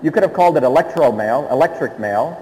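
A man's voice: a little high, animated, quick pace, warm tone. A middle-aged man from India giving a public talk, emphatic, who keeps checking in with the audience through rhetorical questions. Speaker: speaker addressing an audience. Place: hall with an audience. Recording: long hall reverb.

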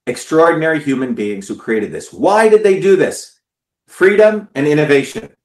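A man's voice: a little high, expressive, moderate pace, darkish tone, reverberant. A man giving an impassioned, profane talk to his followers, stressing and repeating words. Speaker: political speaker.

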